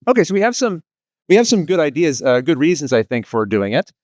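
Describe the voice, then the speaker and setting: Lively East Coast Canadian man presenting. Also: on the high side, brisk, no echo, studio quality. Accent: East Coast Canadian, Maritimes. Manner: lively, self-deprecating, asks the audience questions. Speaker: panel presenter, tutorial video creator. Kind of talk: conference panel talk to live audience. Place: conference room with an audience.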